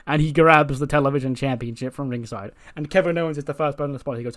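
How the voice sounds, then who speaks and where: Male video host narrating a game recap, casual, profane, mid-pitched voice. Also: fairly even intonation, fast, hardly any pauses, a bit bright. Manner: chatty, profane, laughs while telling.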